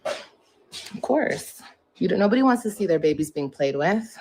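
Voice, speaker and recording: A woman's voice: on the low side, animated, unhurried, dark tone, slight background noise, low-quality recording. A woman venting on her livestream in a defiant, profane rant.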